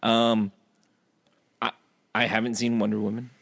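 A man's voice: fairly low pitch, little pitch movement, measured pace, gravelly, a bit bright, no echo. A man co-hosting a podcast, chatting casually and laughing often. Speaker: podcast co-host. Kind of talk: casual chat.

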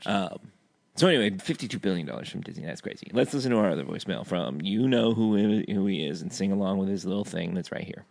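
A man co-hosting a podcast in a loose, chatty way. His voice sits fairly low but moves around a lot. He laughs easily between thoughts. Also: lively intonation, quick pace, vocal fry, darkish tone, slight background noise. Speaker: podcast co-host. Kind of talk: casual chat.

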